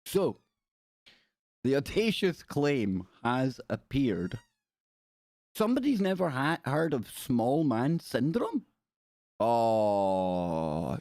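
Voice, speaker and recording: Man, livestream host, jokey and playful, reads aloud then riffs, dry close sound, mid pitch. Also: darkish tone, no echo. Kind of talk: casual livestream chat, reading aloud and riffing.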